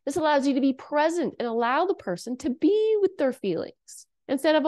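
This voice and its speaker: A woman from Canada speaks straight to her listeners in a casual self-help monologue. Her voice sits a little high, and she talks earnestly, coaching them and checking in with "okay?" and "right?". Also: sing-song, normal speed, darkish tone.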